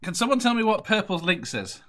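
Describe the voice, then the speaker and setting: A man's voice: high voice, sing-song, a little fast, over a noisy crowd. A man from Merseyside hosting a casual quiz podcast, chuckling often and rambling loosely. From Merseyside, England. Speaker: quiz show host.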